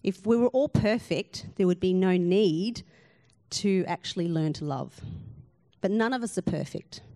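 A woman's voice: fairly low pitch, measured pace, dark tone. A woman pastor, giving an earnest sermon full of rhetorical questions and emphatic repetition.

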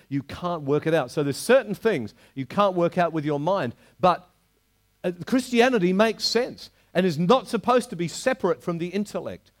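An older man preaching a sermon to a congregation, animated, slowing down to stress quoted verses. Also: fairly high pitch. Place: church hall before a live congregation.

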